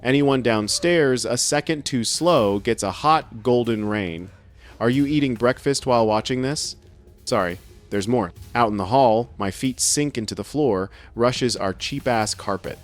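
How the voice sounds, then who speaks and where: A man's voice: medium pitch, measured pace, faint music behind. A man giving scripted first-person narration with a wry, sardonic humor.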